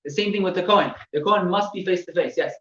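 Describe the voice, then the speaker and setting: A man teaching religious laws to a class, explaining step by step with halting repeats and gestures. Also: high voice, sharp tone. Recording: echoey room, distant mic, dull sound with faint noise.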